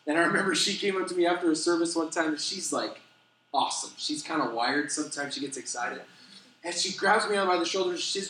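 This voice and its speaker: Animated pastor in an echoey hall. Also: male voice, a little high, fast. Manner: animated storytelling with self-deprecating humor. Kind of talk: sermon. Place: church sanctuary.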